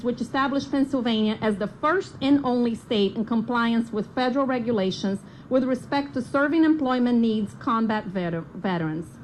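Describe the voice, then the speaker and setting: A woman reads a formal introduction at an outdoor rally in a slightly high voice. She keeps a steady reading pace but stumbles now and then and corrects herself, with faint noise in the background. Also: low-quality recording. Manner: reads steadily, with small slips and self-corrections. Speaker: event introducer.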